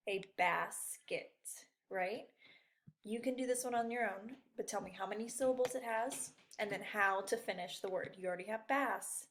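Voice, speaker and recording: Woman teacher walking little kids thru a worksheet, slow and patient, keeps it encouraging. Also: mid-range voice. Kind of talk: remote lesson for young children.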